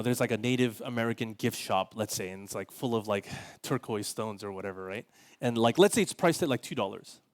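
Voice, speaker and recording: A male pastor delivers his sermon like a casual chat. His voice sits at a middle pitch, and his talk is full of filler words. He livens up whenever he acts out the people he quotes. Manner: casual, conversational, heavy use of "like" fillers.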